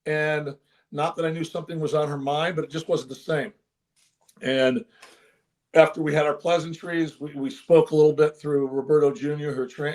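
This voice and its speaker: An older man, a former baseball manager, telling an emotional story in an interview with earnest, animated delivery. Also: fairly high pitch. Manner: earnest, animated, with frequent restarts.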